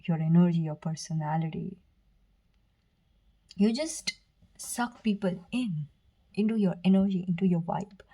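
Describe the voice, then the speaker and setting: A woman giving a pick-a-card tarot reading, speaking softly and earnestly to the viewer, with fillers, restarts and brief whispers. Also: fairly low pitch, measured pace, pauses often, rough recording. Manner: soft, earnest, direct address with fillers and self-corrections. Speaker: tarot reader.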